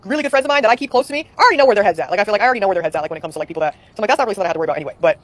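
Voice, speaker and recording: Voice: mid-range voice, lively intonation, racing, a bit bright. A streamer in casual chat, rambling and swearing a lot.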